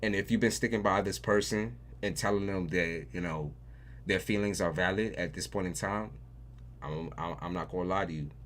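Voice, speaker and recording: Deep-voiced man giving a casual tarot reading. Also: normal speed, fairly bright tone, a little hiss or hum. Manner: casual and profane, repeats phrases, emphatic. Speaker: tarot reader.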